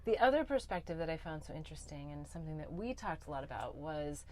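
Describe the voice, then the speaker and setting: A woman's voice: deep voice, animated, fast talker, darkish tone. A woman hosting an interview podcast, reflecting on what her guest said and asking follow-up questions. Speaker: podcast host. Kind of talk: interview conversation.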